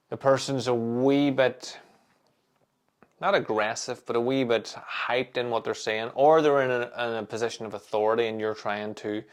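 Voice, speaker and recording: A man talks alone on his podcast in a calm, measured way. His voice sits at an everyday middle pitch, and he lets pauses sit while he thinks. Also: clean tone. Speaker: podcast host. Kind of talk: solo podcast monologue.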